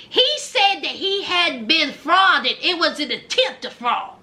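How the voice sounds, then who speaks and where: A woman's voice: very high-pitched, animated, measured pace, hardly any pauses, sharp tone. A woman giving a casual, sassy recap commentary, dramatically acting out what people said. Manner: sassy, dramatic, acts out quotes.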